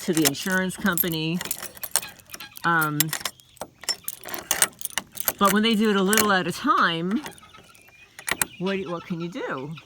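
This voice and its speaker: Outside by a chicken coop on her small homestead, a woman with a lowish voice vlogs casually as she walks, rambling and aggrieved with wry asides. Crowing roosters and clucking hens add background noise.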